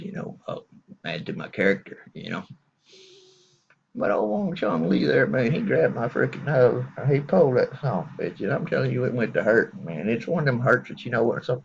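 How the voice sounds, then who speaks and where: A deep, gravelly middle-aged man, rambling through a crude comic story. His voice is husky and rough. The recording sounds dull and lo-fi. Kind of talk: profane comic storytelling monologue.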